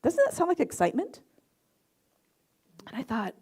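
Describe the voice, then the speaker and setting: Gravelly-voiced woman minister telling stories. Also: high voice, moderate pace, pauses often. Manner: storytelling with lively acted-out quotes. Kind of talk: sermon.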